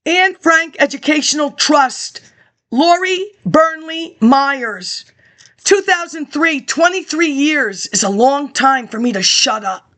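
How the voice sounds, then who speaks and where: A woman's voice: high-pitched, lively intonation, slow, fairly bright tone. A woman rambling through a monologue, reading old papers aloud and jumping between topics with sarcastic asides.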